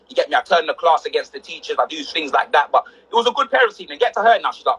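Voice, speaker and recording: A young man, telling animated stories on a livestream, full of street slang and acted-out quotes. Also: fairly high pitch, racing, hardly any pauses, breathy edge, low-quality recording. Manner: slang-heavy, excitable, acts out quotes. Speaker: livestream host.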